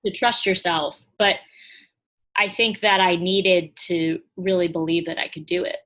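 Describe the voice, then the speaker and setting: A woman's voice: fairly low pitch, steady tone, a little slow, a bit bright. Chatty woman guest full of "like"s. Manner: lots of "like" fillers, laughs, acts out her own thoughts. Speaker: podcast guest, small business owner and coach. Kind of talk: casual conversational interview.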